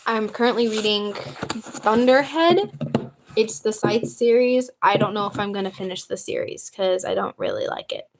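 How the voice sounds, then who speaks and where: A young woman from the United States hosting a casual livestream, chatting eagerly and answering viewers' questions. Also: mid-range voice. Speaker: livestream host. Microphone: phone.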